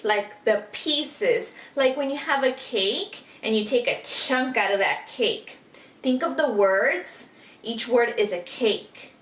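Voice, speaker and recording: Woman, kindergarten teacher; very slow, drawn-out delivery, a touch high, recorded off-mic in an echoey room. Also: a bit bright, far from the mic. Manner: slow, drawn-out, exaggerated sounding-out of letters and words; patient, encouraging teacher talk with questions to the listener. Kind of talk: recorded phonics lesson for young children. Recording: echoey room, off-mic, faint background hiss.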